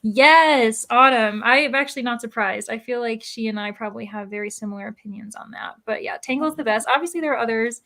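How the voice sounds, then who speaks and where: A woman's voice: fairly high pitch, brisk, few pauses, bright, forceful tone. A young woman hosting a reading livestream, chatting casually and reading out chat messages with many likes and ums. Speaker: host of a livestreamed reading sprint.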